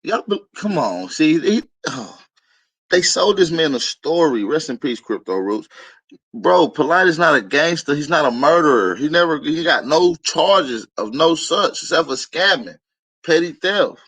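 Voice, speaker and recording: A man's voice: a little high, sing-song, a little slow, a bit bright, slightly rough, rough recording. A man reacting to a clip in a dismissive, scoffing tone. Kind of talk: reaction commentary.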